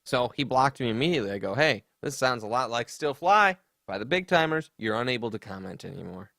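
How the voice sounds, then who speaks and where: A man hosts a comedy podcast, riffing casually and mockingly on online drama, recorded dry with studio quality. His medium-pitched voice moves fairly quickly with lively intonation, vocal fry, and a sharp tone, and he's sarcastic throughout, putting on sassy voices for quotes.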